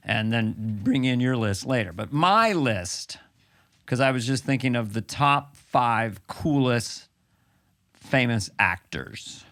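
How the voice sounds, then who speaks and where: A man's voice: mid-range voice, lively intonation, slow, fairly bright tone. A man hosting a podcast in casual, joking chat, laughing often. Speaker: podcast host.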